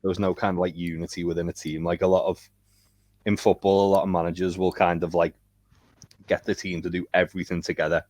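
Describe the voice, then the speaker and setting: A man's voice: low voice, little pitch movement, fast, darkish tone. A man co-hosting a podcast, explaining things casually with many fillers. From England. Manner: explanatory, lots of "like". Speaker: podcast co-host. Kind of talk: casual chat.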